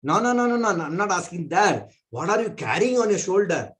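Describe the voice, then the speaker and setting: A man's voice: sits high, big pitch swings, brisk, a bit bright, voice pushed up. A man voicing cunning village thieves in a story, coaxing and mock-innocent. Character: sly, scheming male village thieves.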